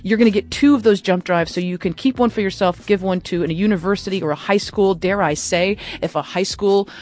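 A woman hosting a live radio fund drive, making an enthusiastic, chatty pledge pitch on a studio microphone. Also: a little fast, a little mellow. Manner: enthusiastic, chatty, laughs often.

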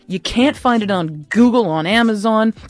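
A woman hosting a live radio fund drive, making an enthusiastic, chatty pledge pitch on a studio microphone. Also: moderate pace, no room sound, faint music behind. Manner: enthusiastic, chatty, laughs often.

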